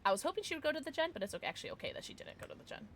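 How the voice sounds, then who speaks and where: Young midwest gal streaming a game, rambly and swears a lot, voice jumps all over. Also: female voice, sits high, sing-song, rapid-fire, a bit bright, slight background noise. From Midwestern United States. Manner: chatty, rambling, swears and reads chat aloud. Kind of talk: casual live-stream chat while gaming.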